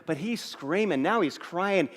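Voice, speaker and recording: Middle-aged guy preaching, kinda high voice, funny story-style sermon, echoey church auditorium. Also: unhurried. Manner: animated, humorous storyteller with frequent restarts. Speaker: pastor. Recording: long reverb of a church hall.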